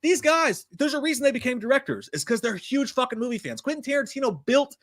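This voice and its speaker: Male podcast co-host, excitable and exasperated, high pitch that swoops around. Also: quick pace, no room sound. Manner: animated, exasperated, swearing. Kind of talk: casual profane chat.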